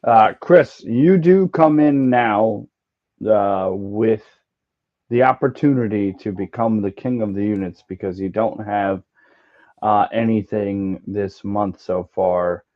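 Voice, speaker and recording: Taking his time, a podcast host with a fairly low voice banters with co-hosts on a laid-back sports betting show, tripping over a word now and then. The recording is slightly dull and lo-fi.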